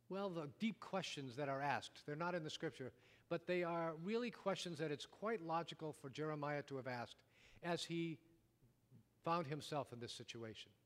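Man preaching in an echoing hall. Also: fairly high pitch. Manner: dramatic storytelling, wide swings from loud to hushed. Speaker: pastor. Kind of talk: sermon. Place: church sanctuary. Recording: long reverb of a large hall.

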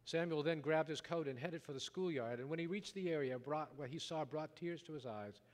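A man preaching a sermon, telling a story dramatically, rising loud and dropping to a hush. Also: on the high side, brisk. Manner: dramatic storytelling, wide swings from loud to hushed. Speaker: pastor. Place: church sanctuary. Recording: long reverb of a large hall.

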